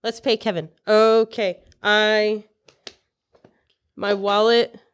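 A woman voicing an excitable young alien woman who chatters in bubbly, excited bursts. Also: medium pitch, slow pace, clean tone, close to an everyday voice.

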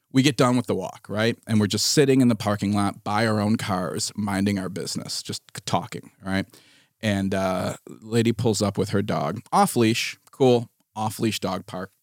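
A man in his thirties or forties hosting a podcast, telling a story in casual chat, animated and exasperated, laughing often. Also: fairly low pitch, dry recording, clean studio sound. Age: 30s to 40s. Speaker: podcast host.

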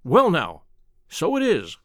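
A man's voice: a little high, huge pitch swings, slow, no room sound, exaggerated voice. A man voicing a blunt, plainspoken young baronet who exclaims freely, in a dry close recording.

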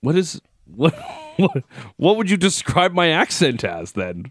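A man co-hosts a casual sports radio show, rambling through stories and poking fun at himself. His pitch sits in the middle but moves a lot. The mic is close and dry. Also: wildly swooping pitch, measured pace, dry recording. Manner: rambling, laughing, self-deprecating. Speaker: radio co-host.

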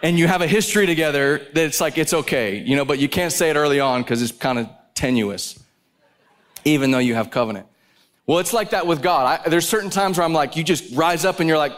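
Man, preacher, intense storytelling sermon, slightly high voice, live conference. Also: animated, fairly quick, fairly bright tone.

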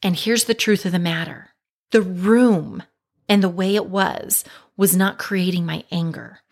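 A woman's voice: on the low side, a little slow, gravelly. A middle-aged woman, a mother and life coach, candidly telling a personal story in a reflective, conversational way. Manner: candid, self-reflective, conversational with frequent "right?" and "like".

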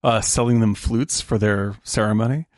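A man co-hosting a podcast in casual chat, animated, laughing often and swearing casually. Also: on the low side, normal speed, no echo, clean studio sound. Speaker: podcast co-host.

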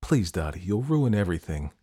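A man voicing an older man who quietly begs someone to stay away. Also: very animated, brisk. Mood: pleading. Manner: quiet, low and pleading. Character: older man hiding a secret, pleading softly.

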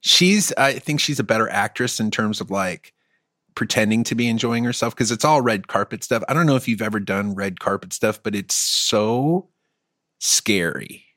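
A man's voice: fairly low pitch, moderate pace, sharp tone, no echo, clean studio sound. A man co-hosting a podcast, rambling through stories in a casual, self-deprecating way. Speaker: podcast co-host, musician. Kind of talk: casual chat.

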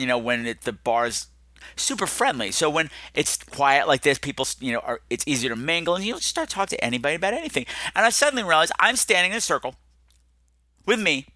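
A man hosting a podcast, telling a comic story in an animated way, swinging his pitch and pace widely. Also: dry recording, clean studio sound. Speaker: podcast host.

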